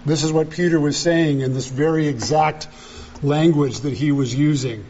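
A man preaching a sermon as pastor, deliberate and emphatic, repeating key phrases. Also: fairly high pitch, darkish tone, highs cut off, slight background noise.

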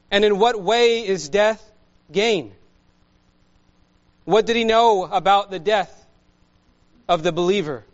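A high-voiced man preaches a sermon at a deliberate, unhurried pace, pausing for emphasis. The recording sounds a little dull and muffled. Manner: slow, measured preaching with emphatic pauses. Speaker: pastor.

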